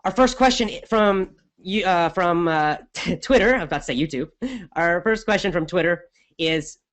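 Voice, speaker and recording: A middle-aged man, an English teacher, answers listener questions on his podcast in an energetic, emphatic, conversational way. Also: high-pitched, moderate pace.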